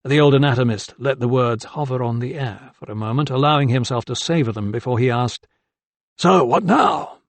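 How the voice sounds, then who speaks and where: A man narrating an audiobook with steady, deliberate storytelling. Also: mid-range voice, no room sound. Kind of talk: scripted narration.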